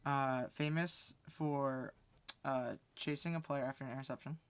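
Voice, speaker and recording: A man's voice: medium pitch, fairly even intonation, moderate pace, smooth. A man co-hosting a casual sports podcast, reading quiz hints with laid-back, joking banter. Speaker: co-host giving quiz hints.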